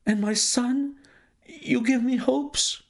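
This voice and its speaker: A man's voice: slow pace, gravelly, heavily acted. Man putting on a frantic older banker. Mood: anguished. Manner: pleading, high-strung. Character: distraught wealthy older male banker.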